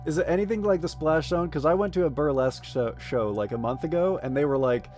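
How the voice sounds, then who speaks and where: A man's voice: fairly high pitch, quick pace, darkish tone, faint music behind. A man streaming live, chatting casually and joking as he reads game text and chat messages aloud.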